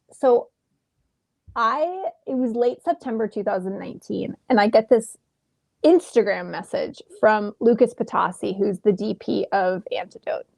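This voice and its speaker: A woman in her thirties, an actress telling a lively story in a casual interview from home over a video call, acting out the exchanges she quotes. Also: mid-range voice, creaky, no room sound. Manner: animated, acts out quoted exchanges. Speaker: actress guest.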